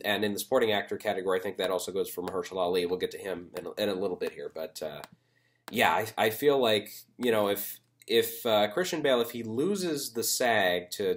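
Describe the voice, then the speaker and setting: A young man giving unscripted solo commentary on award races, rambling and hesitant, with many fillers and restarts. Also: fairly low pitch.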